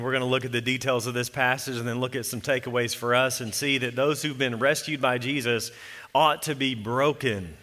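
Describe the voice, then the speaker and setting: A man preaching a sermon as pastor, earnest and emphatic, slowing down to read scripture solemnly. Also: mid-range voice, pushed and bright. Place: church sanctuary. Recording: church sanctuary reverb.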